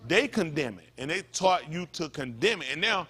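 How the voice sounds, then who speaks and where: A pastor, preaching a sermon in a repetitive, emphatic manner that rises to loud peaks. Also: male voice, a little high, very animated, normal speed, breathy edge.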